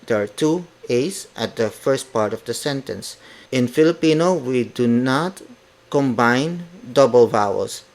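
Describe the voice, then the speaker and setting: A man with a medium-pitched voice teaches in an unhurried, measured way. He repeats each word again and again and spells it out letter by letter, like a patient tutor leading a drill. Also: lively intonation. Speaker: podcast host teaching Tagalog. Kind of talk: slow language lesson with repeated drills. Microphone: podcast mic.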